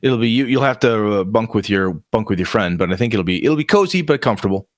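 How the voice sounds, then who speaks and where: A man's voice: fairly low pitch, animated, fast, dry recording, studio quality, close to an everyday voice. A man voicing a polite young male serving boy at an inn in a tabletop game, rambling a little.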